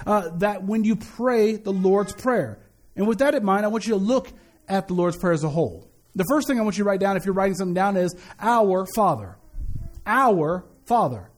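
A pastor preaching a sermon in a church, talking to the congregation in a loose, conversational way with joking asides. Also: male voice, high voice, darkish tone. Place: church sanctuary.

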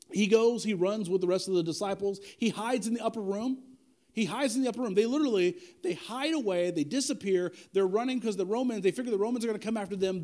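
Brief: male preacher, animated and lively, higher-pitched voice, casual humorous storytelling sermon. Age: adult with children.

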